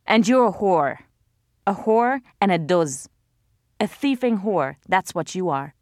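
A woman voicing a bitter, scornful older housewife in an audiobook, mocking and accusing, a little higher than her narrating voice, in a dry recording. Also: lively intonation, moderate pace, dry recording, lightly acted. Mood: furious. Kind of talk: audiobook character voice.

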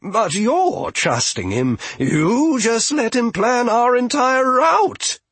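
A man voicing a naive, eager young man in a storybook, high and plaintive. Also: big pitch swings, slow, fairly bright tone, breathy edge, dry recording, full character voice. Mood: whining.

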